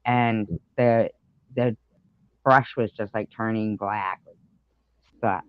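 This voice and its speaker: A man's voice: on the low side, fairly even intonation, takes it slowly, clean tone, dry recording, phone-quality sound. A man hosting a live stream, rambling through a story in casual chat with lots of fillers and the odd swear word.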